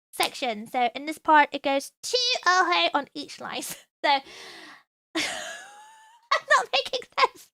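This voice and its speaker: Very high, bright-voiced bubbly young woman. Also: sing-song, measured pace, vocal fry. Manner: bubbly, apologetic, stammering restarts. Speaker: streamer. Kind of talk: livestream teaching idol fan chants.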